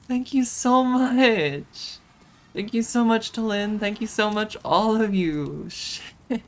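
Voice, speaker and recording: A woman streaming a game, chatting casually on her microphone, halting and flustered, restarting often and laughing through it, emotionally overwhelmed. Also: a little high. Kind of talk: casual live-stream chat.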